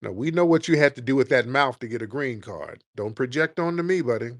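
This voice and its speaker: A man hosting a live call-in stream, arguing back at callers with rapid-fire mocking insults. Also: mid-range voice, lively intonation, no room sound, studio quality. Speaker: host.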